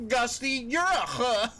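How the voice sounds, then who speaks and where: A man's voice: extremely high pitch, lively intonation, slow pace, pushed and bright. A man streaming a video game live, joking with his chat and laughing often. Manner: jokey, laughs often, chats with viewers.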